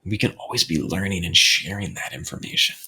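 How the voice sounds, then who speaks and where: A man hosting his own podcast, talking earnestly and reflectively on his own at home, often halting and restarting his sentences. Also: deep voice, bright, forceful tone, slightly rough. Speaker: podcast host. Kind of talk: reflective solo talk. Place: home recording setup.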